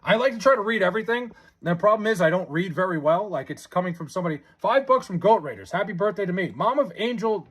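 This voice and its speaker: Talking fast in a high, slightly rough voice, a young streamer reads out viewer comments and chats casually. His excitement shows in stammering and repeated restarts.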